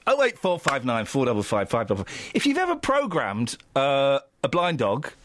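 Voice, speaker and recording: Playful radio host, lively voice. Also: male voice, mid-range voice, normal speed, no room sound. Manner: joking, playful, laughs often. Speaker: radio presenter. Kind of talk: casual radio banter.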